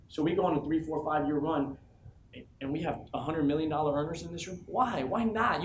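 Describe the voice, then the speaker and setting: A man delivers a motivational speech to a live audience, dropping low and close, then shouting his repeated rhetorical questions. His voice sits a little high for a man. It is picked up from a distance in a roomy, echoing space with faint background noise. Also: a little fast. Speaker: motivational speaker addressing his team. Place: large office room with an audience. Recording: echoey room from a distance with faint ambience.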